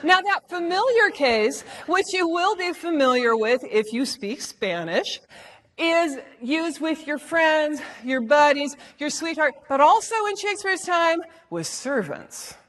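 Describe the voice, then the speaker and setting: A woman giving a lively talk to a live audience on stage, playful and theatrical as she acts out rhythms and lines. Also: sits high, unhurried.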